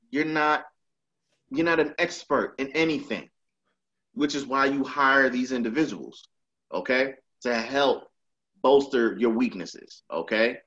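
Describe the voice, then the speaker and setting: A man's voice: mid-range voice, fairly bright tone, dull audio. A man co-hosting a casual podcast, blunt and profane, mocking and laughing as he talks. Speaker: podcast co-host. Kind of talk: casual chat.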